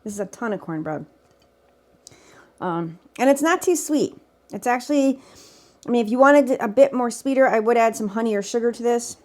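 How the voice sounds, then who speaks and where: Chatty woman with a bright, high voice. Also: expressive, normal speed, pauses often. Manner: chatty, self-teasing, talks while tasting. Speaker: cooking vlogger. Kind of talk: casual off-the-cuff cooking commentary. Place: home kitchen. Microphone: camera mic, speaker off camera.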